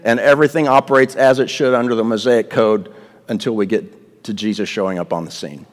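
A man's voice: mid-range voice, long reverb tail. A pastor preaching a sermon to his congregation, emphatic and asking them questions as he teaches.

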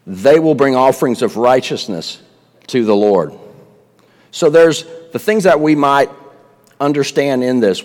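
A man's voice: mid-range voice, a little mellow, in a large hall. A pastor preaching a sermon to his congregation, emphatic and asking them questions as he teaches.

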